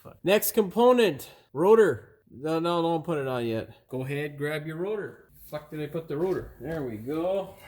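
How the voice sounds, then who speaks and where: In an indoor auto repair garage, a mechanic host explains a car repair in a hands-on tutorial, often frustrated and swearing or muttering to himself as he works. A camera mic a few feet away captures his fairly high, darkish voice at normal speed with hardly any pauses.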